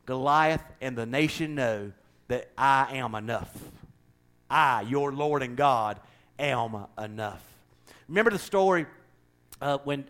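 A man with a medium-pitched voice preaches a sermon, swinging between loud, driving declarations and quiet, conversational asides.

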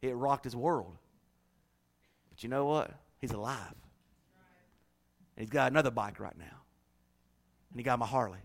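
A middle-aged male pastor preaching a sermon, swinging between shouted refrains and hushed, low passages. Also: moderate pace, gravelly, pauses often.

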